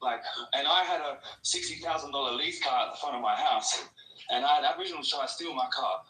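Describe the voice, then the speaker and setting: A man's voice: medium pitch, quick pace, sharp tone. An Australian man calling in, ranting aggressively and profanely in a rambling way. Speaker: caller. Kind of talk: heated call-in rant. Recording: echoey and distant.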